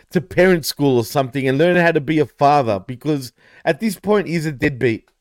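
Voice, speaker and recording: A man's voice: a little high, expressive, moderate pace, dry recording, studio quality. A man co-hosting a casual wrestling podcast, joking and teasing as he talks. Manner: joking, teasing, laughs often. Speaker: podcast co-host.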